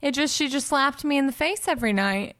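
A woman in casual chat, tossing in quick, playful, joking replies with some swearing. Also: sits high, fairly bright tone.

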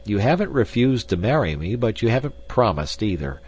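A man reading an audiobook, voicing an earnest, insistent male suitor who speaks deliberately. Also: on the low side, animated, a little mellow, pitched above the performer's own voice. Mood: blunt.

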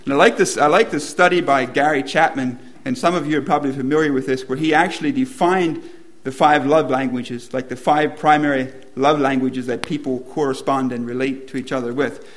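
A man's voice: mid-range voice, steady tone, a little fast. A man preaching a sermon to a room, asking the congregation questions and building to emphatic repetition.

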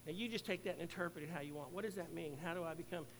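A middle-aged man preaches a sermon with a notably high voice. He speaks earnestly, building to loud peaks and then sinking into near hushes. A faint hum sits under the recording. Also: racing, low-quality recording. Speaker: pastor.

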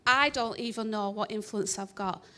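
A woman's voice: medium pitch, moderate pace, sharp tone. A woman telling a church congregation a personal testimony, chatty and self-deprecating with many ums. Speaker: church member sharing a testimony.

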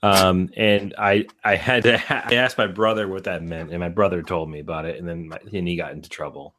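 A man's voice: sits low, brisk. A man co-hosting a casual podcast, telling a childhood story with lots of laughter. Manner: animated storyteller, laughs through tales. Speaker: podcast co-host. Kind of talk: casual chat.

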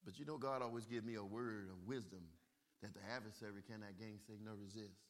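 A male preacher delivering a sermon, calling for "amen" and swinging from quiet talk into shouted bursts. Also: lowish voice, fairly even intonation, a little fast.

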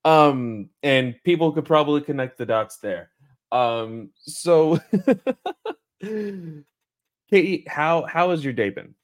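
A man's voice: fairly high pitch, animated, slow pace. A man hosting a podcast in casual chat, rambling with lots of ums and uhs. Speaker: podcast host.

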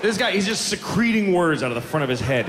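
A man's voice: sits high, sing-song, quick pace, a crowd in the background, noisy background. A man doing a stand-up routine, ranting and mocking with plenty of profanity, live before an audience. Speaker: stand-up comedian. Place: comedy stage before an audience. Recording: live show hall, audience laughter.

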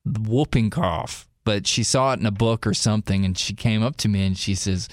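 A man's voice: fairly low pitch, moderate pace, dry recording, clean studio sound. A man co-hosting a radio show podcast, telling playful joking stories in casual chat.

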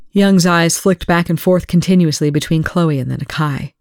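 A reader narrates a fiction chapter aloud to proofread it, in a steady, plain way. The voice is at a middle pitch and sits close to a home mic. The room is dry and dead. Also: normal speed, hardly any pauses, no echo.

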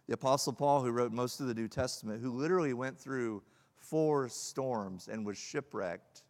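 A male pastor preaching a sermon, swinging from loud emphatic peaks to hushed, low lines. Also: normal speed. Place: church hall. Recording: long hall reverb.

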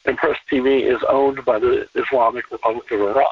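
A man talking as a podcast guest in a relaxed conversational interview, emphatic and repeating phrases to drive points home. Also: medium pitch, fairly quick, husky, no room sound. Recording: distant, tinny phone-line sound.

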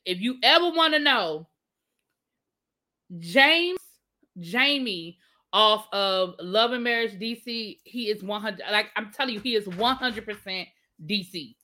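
Livestream host: a woman with a DC accent, bright and chatty, riffing with her viewers. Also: mid-range voice, expressive. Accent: Washington DC. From Washington DC area. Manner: chatty, drawn-out asides, answers the chat. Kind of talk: casual livestream chat reading viewer comments.

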